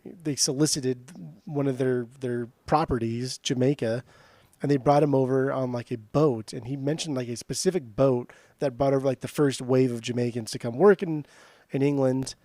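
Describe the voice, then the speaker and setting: A man's voice: medium pitch, fairly even intonation, normal speed, mellow, no echo. A man co-hosting a podcast in loose casual chat, swearing and saying "dude" a lot. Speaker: podcast co-host.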